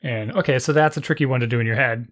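A man in casual conversation, telling a story with lively, exasperated asides and quoted dialogue. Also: mid-range voice, fast. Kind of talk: casual chat.

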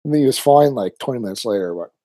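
Dark husky-voiced man telling a story. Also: medium pitch, rapid-fire, dry recording. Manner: animated storyteller, acting out his kids' lines. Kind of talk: casual chat.

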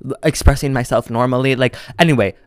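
A man's voice: mid-range voice, fast talker, smooth, dry recording, clean studio sound. A young man in his twenties casually telling a long personal story on a podcast, acting out the voices of the people in it. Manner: animated storyteller, acts out quoted voices, many likes. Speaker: podcast co-host.

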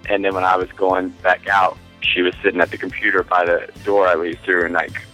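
A man with a bright, forceful voice that sits on the low side, telling a rambling story in casual chat. He is crude and loose and laughs through his own lines. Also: level tone, brisk, soft background music, low-quality recording. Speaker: podcast guest.

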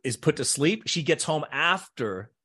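As a guest in a casual interview, a middle-aged male actor tells animated stories and imitates the voices of those he quotes. His voice is on the high side with a breathy edge, and he keeps a measured pace.

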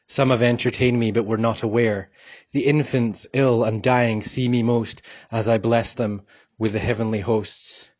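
A man reads an audiobook in a solemn, measured first person. His voice is husky and sits at an average pitch. The recording is dull and lo-fi, with a dry sound. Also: a little mellow, dry recording. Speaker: audiobook narrator. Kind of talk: scripted narration.

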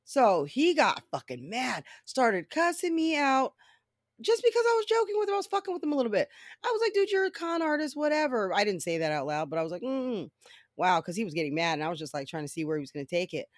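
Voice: medium pitch, big pitch swings, fast, no echo, studio quality. A podcast host in a casual solo monologue, swearing freely and rambling through stories.

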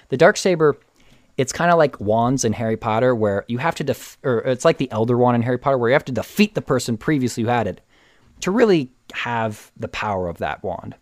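A man casually retelling a TV episode with excitement, often restarting and repeating words. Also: medium pitch, no room sound, clean studio sound. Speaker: show recap host.

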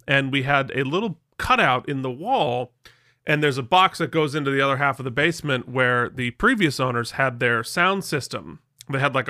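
A man's voice: medium pitch, sharp tone, dry recording, studio quality. A man co-hosting a podcast, chatting casually with many fillers and a self-deprecating manner. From Vermont. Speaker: podcast co-host.

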